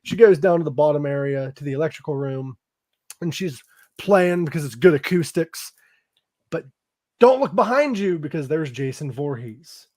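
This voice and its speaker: A man with a slightly high, animated, darkish voice speaks at a moderate pace. He's a podcast host giving a loose, profane, casual film recap, packed with fillers like "um" and "like" and frequent laughs.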